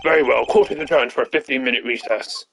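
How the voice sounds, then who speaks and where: A hoarse man voicing an older, easily impressed male judge who speaks in a formal, slightly bewildered way. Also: mid-range voice, fast, a bit bright, a little hiss or hum.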